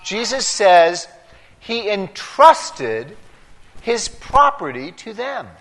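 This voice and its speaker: A man, a priest, preaching a homily in a slow, deliberate way, breaking his points into short emphatic phrases. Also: high voice, sing-song, fairly bright tone. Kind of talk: sermon. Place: large church. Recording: long church reverb.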